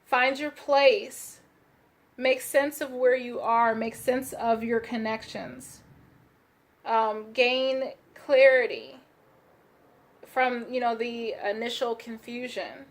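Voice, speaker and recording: A woman doing a casual card reading for her viewers, gentle and searching, with many fillers and restarts. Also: on the high side, slow pace. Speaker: tarot card reader.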